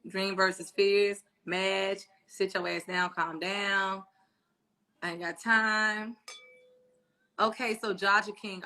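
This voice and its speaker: Born in Spain and raised in Florida and Texas, this live-stream co-host reads out viewer comments and needles her partner with crude, brash jokes, swearing without hesitation. She speaks at a medium pitch with a bright, forceful tone.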